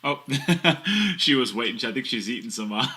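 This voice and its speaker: A man co-commentating on a pool match, laid-back and quick to joke. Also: medium pitch, sing-song, sharp tone, breathy edge. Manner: laid-back, jokey, laughs easily. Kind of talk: live sports commentary with banter.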